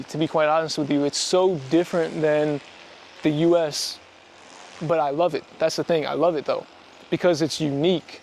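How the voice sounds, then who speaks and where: Young american guy vlogging his trip outside, kinda high voice, super chatty and excited. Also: normal speed, slight background noise. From United States. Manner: chatty and enthusiastic, talking to the camera. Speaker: travel vlogger. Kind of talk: casual travel vlog. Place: outdoors on a sunny hillside.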